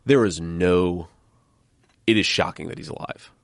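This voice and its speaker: A middle-aged man chatting as a guest, halting and often repeating his words. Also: low-pitched, no echo, studio quality. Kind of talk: casual conversation.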